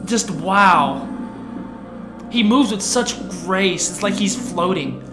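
A young man giving casual reaction commentary, excitable and gushing, with slangy talk that swings from hushed to loud. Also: high voice, takes it slowly. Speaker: reaction video host. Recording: echoey room with music playing behind.

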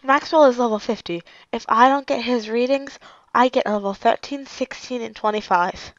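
A woman's voice: a little high, normal speed, no room sound, lo-fi sound, close to an everyday voice. A woman voicing a bossy female ghost hunter in an amateur fanfic read-aloud, dramatic and exclaiming.

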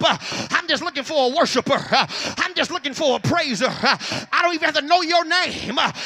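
Southern guy preaching loud, real high pitched, gravelly edge, says uh between every phrase. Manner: shouting, fills pauses with "uh". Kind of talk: revival sermon.

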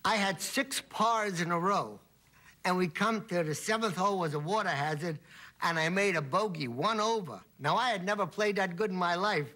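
A man's voice: high-pitched, normal speed, bright, forceful tone. A man from Brooklyn, a comedian guest telling rambling anecdotes on a talk show. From Brooklyn, New York. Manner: rambling storyteller, acts out voices.

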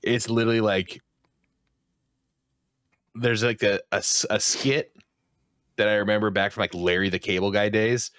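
A man's voice: lowish voice, flat delivery, normal speed, long pauses, a bit bright, no echo, studio quality. A young man co-hosting a podcast in casual chat, laid-back and joking, his talk full of "like". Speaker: podcast co-host.

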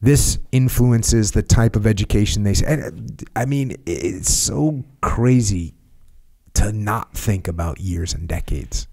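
A man who is a podcast guest, chatting casually with quick teasing questions and reading passages aloud from a book. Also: fairly low pitch, creaky, a little mellow.

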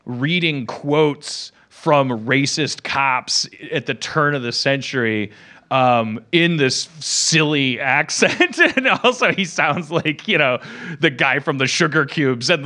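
A man's voice: a little high, unhurried, pushed and bright. A man hosting a podcast in casual comedic chat, rambling with lots of fillers and frequent laughter. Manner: rambling, full of fillers and restarts, laughing often. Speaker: podcast host.

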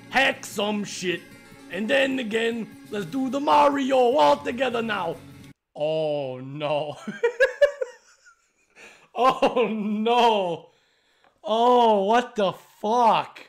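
In a mid-range voice, a gaming streamer gives excitable let's-play commentary, swearing a lot and laughing loudly.

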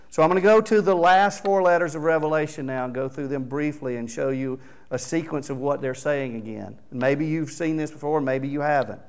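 A man's voice: a little high, clear, resonant tone. A man preaching a sermon as pastor, earnest and exhorting, reading scripture aloud with rising emphasis.

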